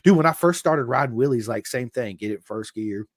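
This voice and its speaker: A man's voice: medium pitch, fairly quick, no room sound, clean studio sound. A man hosting a podcast, telling motorcycle stories in casual conversation and acting out quoted lines. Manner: animated storyteller, acts out quotes. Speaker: podcast host.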